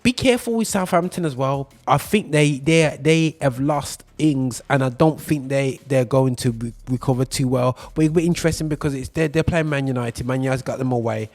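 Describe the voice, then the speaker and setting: A man's voice: medium pitch, brisk, hardly any pauses, darkish tone. A man hosting a casual football podcast, talking loosely with lots of repeats and fillers. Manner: loose, repetitive, filler-heavy. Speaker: podcast host.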